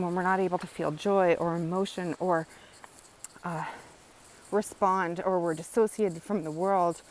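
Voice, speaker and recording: Woman, educator, casual teaching talk, earnest, repetitive, medium pitch, faint outdoor hum. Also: low-quality recording. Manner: earnest, repeats phrases and asks "right?". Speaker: wellness educator.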